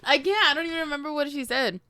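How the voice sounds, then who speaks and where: A woman's voice: high voice, fast talker, pushed and bright, no room sound. A woman hosting a podcast, chatting casually and laughing often as she recaps a book. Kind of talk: casual chat.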